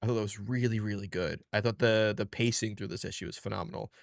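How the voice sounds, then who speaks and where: A man's voice: on the low side, fairly even intonation, fast talker, creaky, no room sound, clean studio sound. A man co-hosting a comics podcast, rambling in a laid-back way and swearing freely. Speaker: podcast co-host. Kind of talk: casual comics podcast chat.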